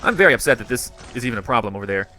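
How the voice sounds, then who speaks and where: A man yells his way through a game in an exasperated rant. His voice swings widely up and down and sounds bright and forceful. Faint music plays behind him. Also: medium pitch, animated, racing. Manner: exasperated, loud outbursts. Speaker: gamer in a played clip. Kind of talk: excitable game commentary.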